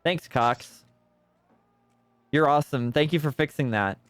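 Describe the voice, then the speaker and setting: A man's voice: a little high, a little slow, a bit bright, dry recording. A man streaming a detective game, rambling and sarcastic in casual commentary at a desk microphone.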